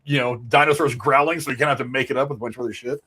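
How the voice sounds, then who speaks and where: A man's voice: medium pitch, fairly even intonation, rapid-fire, sharp tone, husky. A man hosting a casual podcast chat, reading out trivia and laughing often. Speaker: podcast host.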